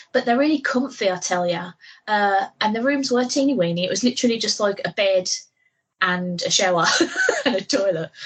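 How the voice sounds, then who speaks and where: Brief: chatty woman podcast co-host, breathy, husky tone, laughs easily. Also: medium pitch, a bit bright, poor audio. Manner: giggly, chatty, rambling. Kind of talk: casual chat.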